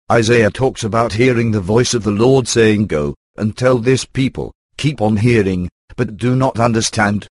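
A computer-generated male voice reading a devotional book aloud, steadily and evenly, pausing to read out verse numbers. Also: mid-range voice, no echo. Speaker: audiobook narrator.

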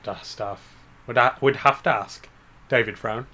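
Giggly, bright-voiced man. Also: medium pitch, a little slow. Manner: jokey, giggly, rambling wordplay. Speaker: podcast co-host. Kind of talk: casual comedic chat.

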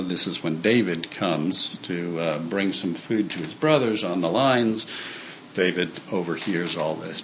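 Low-voiced man giving a casual sermon. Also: slight background noise, poor audio. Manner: conversational, with many fillers and restarts. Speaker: church speaker. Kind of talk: informal sermon talk.

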